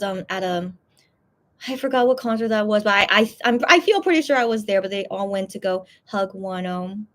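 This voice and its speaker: A young woman hosting a casual livestream, rambling and hesitant with many fillers, emotional and close to tears. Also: mid-range voice. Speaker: livestream host reading fan messages.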